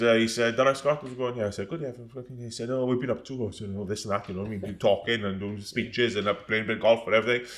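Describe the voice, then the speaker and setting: A man co-hosting a podcast, chatting casually and telling lively stories in which he acts out the other people's voices. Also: mid-range voice. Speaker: podcast co-host. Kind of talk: casual pub chat. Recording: roomy echo.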